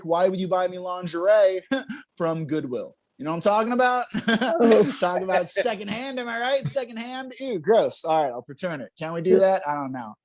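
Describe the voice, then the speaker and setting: A young man performs a stand-up comedy set on a club stage. His voice sits high and swings widely in pitch as he lands self-mocking punchlines. He laughs between jokes.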